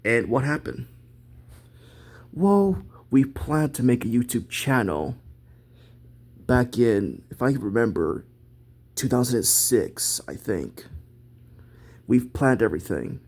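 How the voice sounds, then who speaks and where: A man hosting an amateur web series, telling a rambling story in halting, casual speech with frequent restarts. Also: mid-range voice, sing-song, darkish tone. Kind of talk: casual hobby role-play chat.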